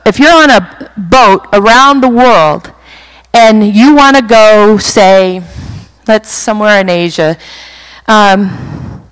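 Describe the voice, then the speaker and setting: A middle-aged woman speaker at a women's retreat, telling a personal testimony in an animated storytelling way. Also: medium pitch, takes it slowly, clean tone, rough recording. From western United States. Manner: animated storytelling, acts out her own panic.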